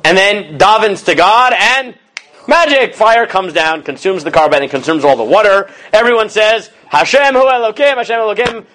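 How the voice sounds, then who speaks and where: A man's voice: sits high, expressive, moderate pace, fairly bright tone. A male rabbi teaching an informal Torah class. He chants Hebrew verses, then paraphrases them and acts out the quotes casually, often asking the students "right?".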